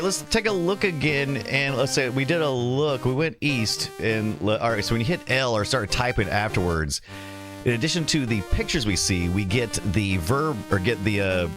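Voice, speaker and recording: Lively-voiced man hosting a retro stream. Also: mid-range voice, moderate pace, over music. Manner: rambling, self-correcting, reads chat and game text aloud. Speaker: host of a retro computer livestream. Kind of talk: casual livestream chat.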